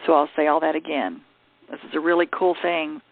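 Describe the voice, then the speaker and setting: A man leading a group call, reading out affirmations in a slow, deliberate way and inviting people to share. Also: fairly high pitch, little pitch movement, gravelly, dry recording. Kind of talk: guided affirmations and coaching. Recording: tinny phone line.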